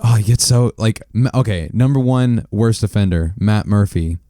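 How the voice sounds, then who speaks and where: A man's voice: on the low side, normal speed, dark tone, no echo, studio quality. A young man co-hosting a podcast, chatting in a laid-back, teasing way. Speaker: podcast co-host. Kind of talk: casual chat.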